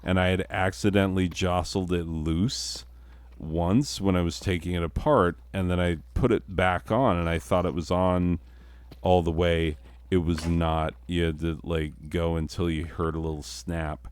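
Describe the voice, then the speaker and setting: A man's voice: sits low, little pitch movement, unhurried, smooth, no echo. A middle-aged man and father, telling a story in a casual, profane, self-mocking way and laughing often. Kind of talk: casual storytelling while playing a game.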